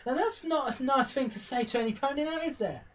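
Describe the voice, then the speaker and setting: A game master voicing a kind young filly pony in a pony tabletop game, speaking in a gentle, soft-hearted way. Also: sits high, fast talker, highs cut off, pitched above the performer's own voice, natural voice. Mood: scolding. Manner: gentle, scolding sweetly.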